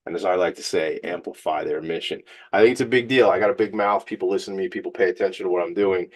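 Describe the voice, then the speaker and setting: A man's voice: low voice, fast, husky. A man hosting a radio show, fired up, joking and motivational. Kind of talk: energetic radio monologue.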